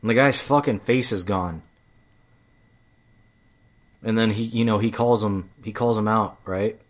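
A man's voice: on the low side, measured pace. A man telling stories in a casual, heated monologue, swearing often and getting worked up. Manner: profane, heated storytelling.

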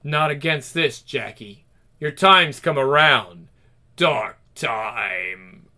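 A man voicing a deep, menacing male demonic spirit that speaks slowly and temptingly in a hush. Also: lively intonation, full character voice. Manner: slow, hushed, tempting.

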